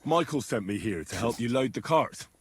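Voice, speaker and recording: A man playing a smooth-talking young servant, lively and placating. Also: mid-range voice, moderate pace, a little hiss or hum, natural voice. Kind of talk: video game voice acting.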